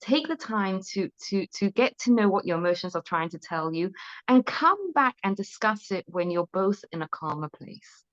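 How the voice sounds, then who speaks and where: A woman's voice: medium pitch, sing-song, normal speed, fairly bright tone. A woman talking through parenting advice as an interview guest, earnest and conversational. She keeps tagging her points with a questioning "right?" and often restarts mid-sentence. The audio is a little dull and lo-fi.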